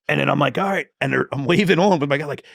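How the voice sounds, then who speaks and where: A gravelly-voiced man, a police detective, tells his story in an interview with salty language and animated quoted lines. The sound is dry and close, with no room around it. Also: a little high, racing, no echo.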